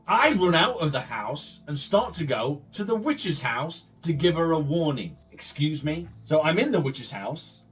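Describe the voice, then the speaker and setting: A man's voice: a little high, a bit bright. A man hosting a gaming video, reading story text aloud with sweary, sarcastic disbelief. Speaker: gaming host.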